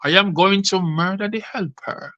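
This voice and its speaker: A man's voice: high-pitched, moderate pace, sharp tone, dry recording, highs cut off. A man voicing a betrayed, seething woman. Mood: bitter. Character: betrayed furious woman, scorned lover.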